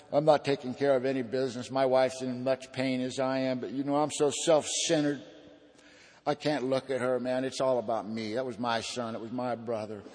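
A man's voice: mid-range voice, darkish tone, big-room sound. A man giving an earnest personal testimony at a recovery meeting, in a folksy storytelling manner.

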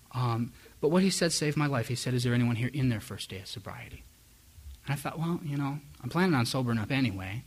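A middle-aged man of medium pitch, his voice a bit bright, gives personal testimony to a live audience. He tells his own recovery story with candor, frankness and self-mockery.

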